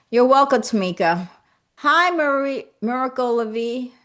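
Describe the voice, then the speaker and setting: Gentle woman repeating soothing affirmations. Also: fairly high pitch, takes it slowly. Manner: greets viewers and reads comments aloud. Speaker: spiritual coach and livestream host. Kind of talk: live-streamed motivational talk.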